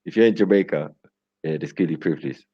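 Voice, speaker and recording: A deep, husky man rants casually on a livestream. He laughs as he talks and keeps asking "you get me?" The audio is dull and lo-fi. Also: fast talker. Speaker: livestream host. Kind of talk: casual ranting commentary.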